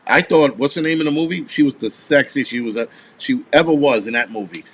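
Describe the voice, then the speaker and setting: A man's voice: medium pitch, fairly quick, fairly bright tone, husky. A man in his forties hosting a casual live stream, rambling and swearing as he answers viewers. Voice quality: profane, rambling. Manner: answers viewer comments offhand.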